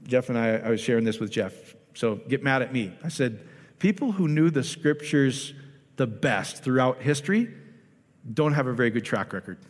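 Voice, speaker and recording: A man's voice: medium pitch, lively intonation, normal speed. Emphatic man preaching in an echoey hall. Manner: conversational, emphatic, asks the audience questions. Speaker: pastor. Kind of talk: informal sermon.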